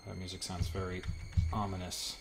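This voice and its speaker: A man's voice: deep voice, monotone, normal speed, over loud music. A man hosting a podcast, casually reading game text aloud and joking through a playthrough. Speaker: podcast host playing a game. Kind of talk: casual let's-play commentary.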